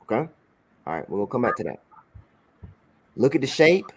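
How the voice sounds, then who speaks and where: A man's voice: medium pitch, very animated, moderate pace, background noise. A man teaching a religious class over a broadcast, often saying "all right" and checking that his student follows along.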